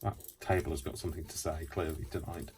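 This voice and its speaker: A man's voice: a bass voice, fast talker, a little mellow, slight background noise. A man hosting a casual craft demonstration, chatty and rambling, with self-mocking asides. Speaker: craft tutorial host.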